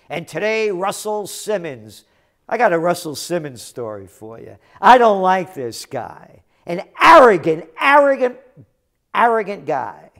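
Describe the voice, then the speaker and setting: A man who forecasts trends, giving a combative, sarcastic ranting commentary that bursts into shouted insults. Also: sits high. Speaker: trends forecaster and journal publisher.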